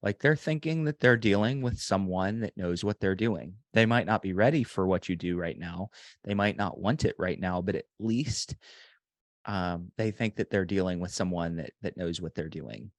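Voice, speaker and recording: A man coaching a sales agent one on one, relaxed and rambling with frequent ums and restarts. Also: sits low, normal speed, no room sound.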